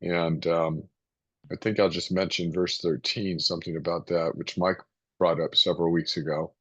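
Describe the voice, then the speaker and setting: Low voiced guy reading bible verses then explaining, kinda husky, dull lo-fi sound. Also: level tone, normal speed, fairly bright tone, dry recording. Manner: hesitant, with fillers and throat clearing. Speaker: Bible teacher. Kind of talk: scripture reading and informal Bible teaching.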